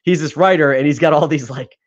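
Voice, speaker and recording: A man's voice: fairly high pitch, fast talker, highs cut off. A man co-hosting a podcast in casual chat, rambling with frequent laughs and casual swearing. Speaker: podcast co-host.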